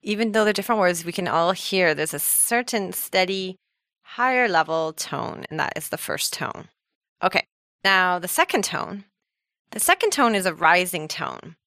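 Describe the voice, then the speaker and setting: A woman's voice: on the low side, animated, moderate pace, pushed and bright, dry recording, clean studio sound. A woman hosting a language lesson, explaining with an upbeat manner and laughing easily. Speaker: language teacher host. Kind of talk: scripted podcast lesson with co-host.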